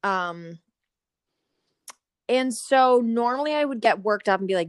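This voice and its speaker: A woman in her thirties co-hosting a podcast, chatting casually and telling animated stories. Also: fairly high pitch, normal speed, pauses often, clean tone, no echo, clean studio sound. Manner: animated storytelling, acts out inner voices. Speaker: podcast co-host. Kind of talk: casual chat.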